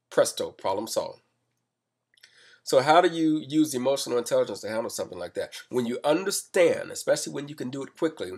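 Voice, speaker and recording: A man telling a personal story in a calm, measured way, explaining step by step. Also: fairly low pitch, husky. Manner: calm and measured, rising to loud reenactments. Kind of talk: spoken personal account, explanatory.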